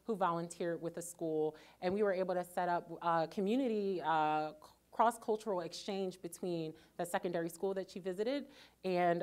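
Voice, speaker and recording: A woman's voice: lowish voice, a little mellow. A woman speaking on a panel, recounting a service experience with many fillers and restarts. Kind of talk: personal story on a panel.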